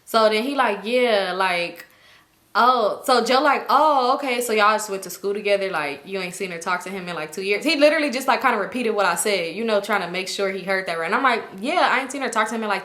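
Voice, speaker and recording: Young woman vlogger, chatty storytime, bright tone, echoey room. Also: a little high, quick pace. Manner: animated, acts out quotes. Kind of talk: casual storytelling.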